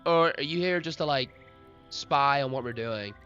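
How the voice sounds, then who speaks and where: A man's voice: medium pitch, normal speed, pushed and bright, lightly acted. A man voicing a flirty, gushing female swamp otter who keeps fishing for praise, in a lo-fi recording with faint music behind.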